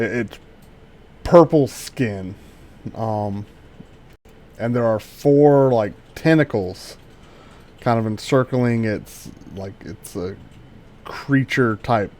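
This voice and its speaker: A man narrating a tabletop game as game master, halting and full of fillers and restarts. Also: on the low side, darkish tone.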